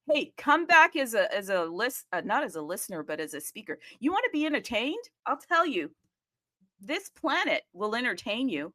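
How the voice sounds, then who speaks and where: A woman hosting a live audio chat room, talking excitedly and casually, often addressing listeners as "people" and checking in with "okay?". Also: on the high side, moderate pace. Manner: animated, chatty, keeps asking "okay?" and addressing "people".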